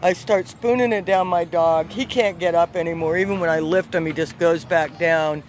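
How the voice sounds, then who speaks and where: A woman, not from the South, telling a personal story with lively, animated energy, outdoors on a city street. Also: lowish voice, moderate pace, slight background noise. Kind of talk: casual spoken storytelling.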